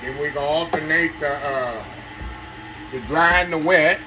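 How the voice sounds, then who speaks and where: A man's voice: on the high side, normal speed, noisy background. An older man hosting a casual home cooking video, chatting folksy with viewers as he works in his kitchen. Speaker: home cooking channel host.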